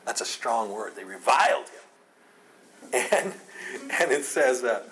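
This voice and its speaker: A man's voice: medium pitch, a little slow, slight background noise. A man teaching a Bible chapter verse by verse in a conversational way, acting out the speakers' lines with sarcasm and laughter. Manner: conversational, animated, acts out voices with sarcasm and laughs.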